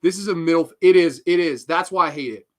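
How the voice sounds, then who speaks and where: A man's voice: on the high side, fast. A man hosting a horror film show, tearing into a sequel in a heated, profane, rambling rant with bursts of laughter. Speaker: horror film podcast host. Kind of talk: angry film review rant.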